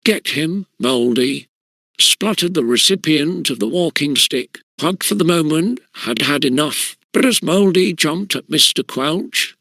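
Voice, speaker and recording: A man narrating an audiobook in measured, steady storytelling. His voice is bright and slightly high, with a gravelly fry at phrase ends, close and dry. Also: no echo. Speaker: audiobook reader.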